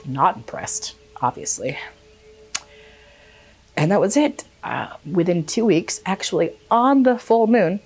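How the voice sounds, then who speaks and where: A young woman vlogger telling a personal story in a casual way, animated and swearing freely, acting out quotes. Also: fairly low pitch, slightly rough.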